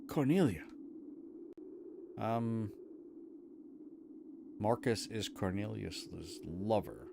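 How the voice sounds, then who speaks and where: A man's voice: on the low side, a little slow, noisy background. A man streaming a game, chatting casually with laid-back, chuckling asides over game music.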